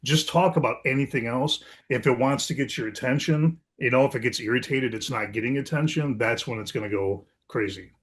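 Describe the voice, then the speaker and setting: A man in a casual chat, calmly giving practical advice as a guest. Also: medium pitch, brisk, hardly any pauses. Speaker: paranormal investigator guest.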